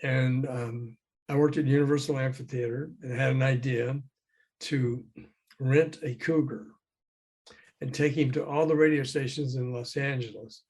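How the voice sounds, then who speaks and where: A man's voice: mid-range voice, moderate pace, husky. An older man with a mid-range voice, talking over a remote call as a guest. He tells his stories with energy, slips into the voices of the people he quotes, and chuckles between lines. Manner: lively, acts out quoted voices, chuckles often. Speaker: guest, former record promoter. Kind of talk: anecdotal storytelling in a conversation.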